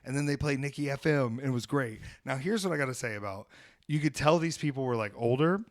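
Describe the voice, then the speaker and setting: A man hosting a podcast, telling a story in casual chat, animated and swearing freely as he acts out what people said. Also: mid-range voice, fast, dry recording, clean studio sound. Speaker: podcast host.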